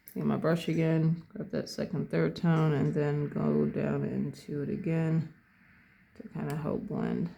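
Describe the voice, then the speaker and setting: A relaxed, gravelly voice walks through a digital painting session one brush stroke at a time. The speaker is calm and unhurried, narrates each move as they make it, and often corrects a word mid-phrase. The tone is dark and mellow, close to the mic. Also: medium pitch, a little hiss or hum. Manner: calm, thinks aloud, corrects own words mid-phrase. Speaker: painting instructor. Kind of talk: casual step-by-step painting tutorial.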